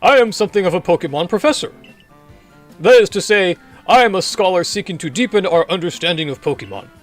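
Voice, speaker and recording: A fussy, genteel scholar of a professor, as a man puts him on, fretting in courtly, old-fashioned phrases with a lively, swooping voice. The voice sits a little high, with faint game music underneath. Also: fast talker. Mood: chatty.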